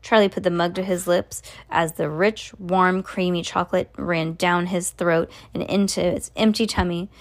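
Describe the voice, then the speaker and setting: A woman's voice: lowish voice, steady tone, normal speed, few pauses. List: woman, casual read-aloud, children's storybook, occasional slips and asides. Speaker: reader. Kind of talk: reading a children's book aloud.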